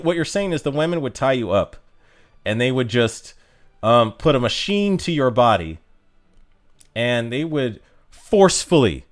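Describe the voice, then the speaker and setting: A man chatting casually on a livestream, reading viewer comments aloud and joking in a rambling, self-amused way. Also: medium pitch. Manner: joking, rambling, laughs at his own jokes.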